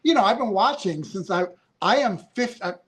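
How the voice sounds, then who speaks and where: A man in his fifties with a high-pitched voice, guesting on a casual podcast. He rambles through his stories in a heartfelt way, full of fillers and restarts. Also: lively intonation, moderate pace, a bit bright. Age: 50s. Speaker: reality show contestant guest.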